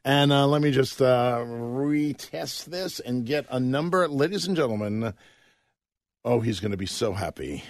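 A man's voice: medium pitch, animated, measured pace. A man hosting a classic rock radio morning show, chatting casually and laughing easily with his co-hosts. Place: radio studio.

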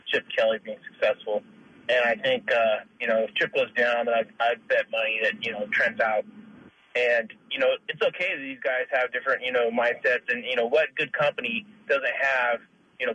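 A man phoning in to sports radio who rambles along, stuffing his talk with "you know." His voice is bright and husky and sounds dry, coming through a dull, muffled phone line. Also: mid-range voice. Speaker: caller. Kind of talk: call-in opinion.

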